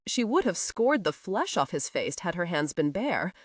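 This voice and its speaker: A woman narrating a historical romance audiobook in an expressive storytelling manner. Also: lowish voice, moderate pace, dry recording, studio quality. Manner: expressive, voices each character.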